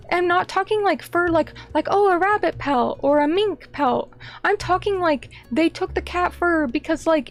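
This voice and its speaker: A woman streamer chatting casually with her viewers, excitable and gushing, breaking into rants. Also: sits high. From United States. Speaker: vtuber streamer. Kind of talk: casual chat reading viewer comments.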